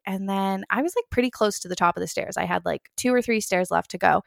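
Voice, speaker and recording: A young woman tells a story straight to the camera in an easy, rambling way, leaning on filler words and replaying her own past thoughts aloud. Her voice carries a gravelly fry at the ends of phrases. The sound is close and dry, with no room around it. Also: mid-range voice, fairly even intonation, fast talker, no room sound. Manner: chatty, full of "like" fillers, acts out her own past lines. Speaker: vlogger. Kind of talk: casual storytelling.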